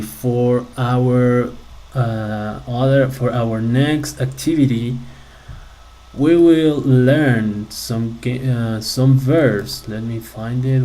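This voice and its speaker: A man's voice: medium pitch, warm tone, low-quality recording. A man teaching an English grammar lesson to a class, explaining patiently and checking in with the students often. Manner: slow, patient explaining with frequent check-ins. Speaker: ESL teacher.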